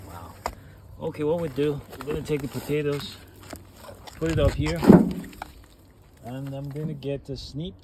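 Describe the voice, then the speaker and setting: A man vlogging outdoors in his garden, patiently encouraging children through a task with a steady, instructive manner. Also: on the high side, normal speed, long pauses, heavy background noise. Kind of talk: casual instructional vlog.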